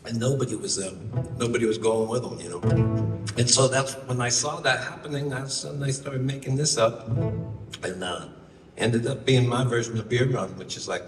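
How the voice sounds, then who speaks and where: A man's voice: medium pitch, brisk. A man telling a loose, wry story on stage between songs, profane and full of asides. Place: live concert venue. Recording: roomy live hall, from far off, guitar behind.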